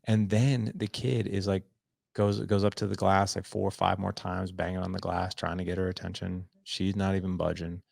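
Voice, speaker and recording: A man's voice: sits low, normal speed, creaky, no room sound. A man, maybe in his thirties, telling a casual story as a podcast guest, acting out the quotes with lots of restarts. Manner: animated, acts out quotes, many restarts.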